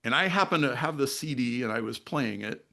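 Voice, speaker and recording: A man with a mid-range, slightly fast voice and some vocal fry leads a discussion group over an online video meeting. He tells a personal story in an animated way, acting out the lines of the other people in it.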